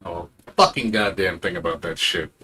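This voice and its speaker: A man's voice: low voice, normal speed, sharp tone, slight background noise. A man streaming a game, ranting in a casual, profane and sarcastic way, now and then mocking other people in put-on voices.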